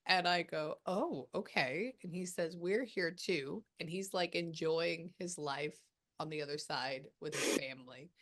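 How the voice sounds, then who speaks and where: A woman working as a medium, passing on a spirit's messages in a casual, chatty way with many pauses. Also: sits low, fairly bright tone. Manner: relays a spirit's words with quick asides and pauses. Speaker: psychic medium. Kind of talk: spirit reading session.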